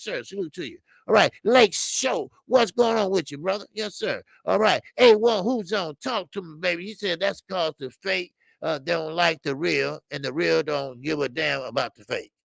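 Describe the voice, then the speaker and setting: A man's voice: high voice, moderate pace, gravelly, few pauses, dry recording. A man hosting a live boxing stream, talking bluntly and repetitively to his chat, often swearing. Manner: blunt, repetitive, animated, profane. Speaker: boxing show host.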